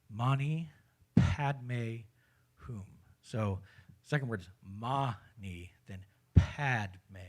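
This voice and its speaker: A man guiding a spiritual community through a mantra and hand gesture in a relaxed, casual way, with frequent hesitations and restarts. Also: fairly low pitch, breathy edge. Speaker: meditation leader. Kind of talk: guided meditation instruction. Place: spiritual community service, live-streamed.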